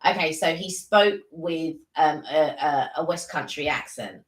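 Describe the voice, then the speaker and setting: Low-voiced woman co-host, rambling. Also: a little slow, roomy sound, poor audio. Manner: rambling anecdotes with many fillers. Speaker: live stream co-host. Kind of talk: casual chat.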